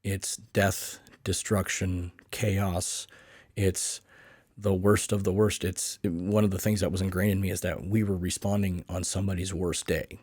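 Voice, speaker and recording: Man, podcast host, low pitch, dry close sound, earnest questioning. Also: flat delivery, unhurried, darkish tone, breathy edge, no echo. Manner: earnest, asks long searching questions. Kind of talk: podcast interview.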